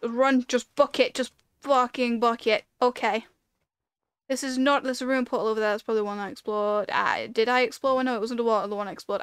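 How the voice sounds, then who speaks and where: A woman's voice: a little high, steady tone, quick pace, fairly bright tone, clear, resonant tone, no room sound. A woman giving casual commentary while playing a video game, talking to herself and breaking into panicked repeated pleas. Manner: chatty, rambling storytelling with fillers. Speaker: gaming video creator.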